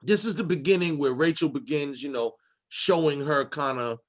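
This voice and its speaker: A man's voice: fairly high pitch, moderate pace. A man hosting a casual panel discussion, rambling with many fillers and restarts. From Boston. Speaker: discussion host.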